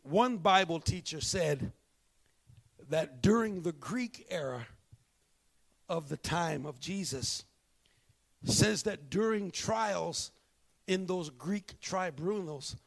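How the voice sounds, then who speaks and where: Gravelly preacher man, big swings. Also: sits high. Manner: preaching with dramatic swings from hushed to shouting. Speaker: pastor. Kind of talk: sermon.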